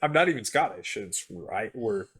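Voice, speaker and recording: A man's voice: fairly low pitch, animated, moderate pace, a bit bright. A young man co-hosting a casual podcast chat, rambling and repeating words as he starts his sentences. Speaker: podcast co-host.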